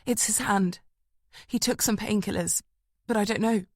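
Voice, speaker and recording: A woman's voice: medium pitch, normal speed, dry recording, clean studio sound, close to an everyday voice. A woman narrator voicing a woman police detective, speaking in urgent, breathless, clipped bursts.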